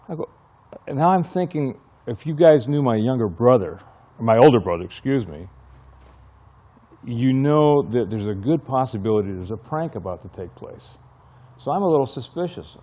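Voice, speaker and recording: A man's voice: mid-range voice, expressive, moderate pace, warm tone. An older man, a retired fire chief, telling stories from his career in an oral history interview and acting out the dialogue he remembers. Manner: reminiscing storyteller who acts out remembered dialogue.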